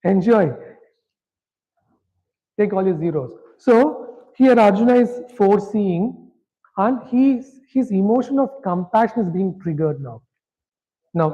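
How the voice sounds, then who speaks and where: A man leads a scripture lesson in a relaxed, conversational way. His voice sits fairly high, and he keeps checking whether listeners are following. The recording is dull and lo-fi. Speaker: scripture class teacher. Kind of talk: interactive lecture.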